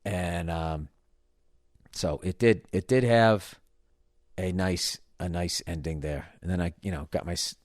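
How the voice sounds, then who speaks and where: A man with a fairly low voice tells a story on his podcast in a loose, swearing, self-mocking rant. The close mic gives a dry sound with no room echo. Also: unhurried. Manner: profane, ranting, self-mocking. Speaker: podcast host. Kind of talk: casual storytelling monologue.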